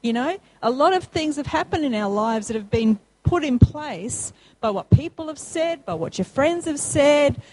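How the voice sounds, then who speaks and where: A woman delivering a sermon in a high, bright-pitched voice, pressing her points with emphatic repetition. She climbs into excited peaks as she calls out questions and answers. A faint ambient noise sits under the recording. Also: moderate pace, hardly any pauses, low-quality recording. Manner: emphatic, rising to high call-and-response peaks. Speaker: preacher.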